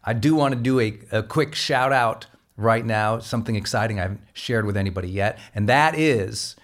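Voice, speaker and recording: Pumped-up male host giving a motivational pep talk, emphatic and high-energy. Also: normal speed. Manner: energetic and emphatic, swings from loud exhortation to low asides. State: fired up. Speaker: podcast host. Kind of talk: motivational monologue.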